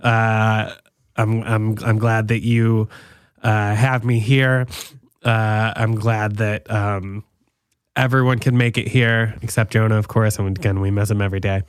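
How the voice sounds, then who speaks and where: A young man giving a rambling, deadpan mock wedding toast as a podcast guest, full of ums and fillers. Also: on the low side, unhurried, smooth, no room sound, clean studio sound.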